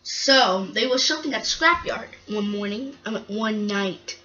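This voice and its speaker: Halting, slow woman telling a story. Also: medium pitch, animated, bright, forceful tone, highs cut off. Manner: halting, self-correcting. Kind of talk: improvised toy-train story narration.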